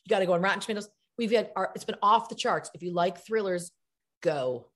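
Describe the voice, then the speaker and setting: A middle-aged woman talking fast and animated as an interview guest. She keeps circling back to her stories and pops into little character voices for quotes. Her voice sits at an ordinary pitch. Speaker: actress guest. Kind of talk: lively interview chat.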